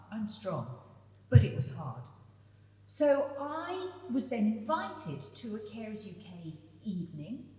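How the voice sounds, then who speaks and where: A woman's voice: mid-range voice, a little mellow. A middle-aged British woman speaking to an audience in a hall, telling a personal story with candid emotion. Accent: British English. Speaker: guest speaker. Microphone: standing microphone, too close at times. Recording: echoey hall, from far off.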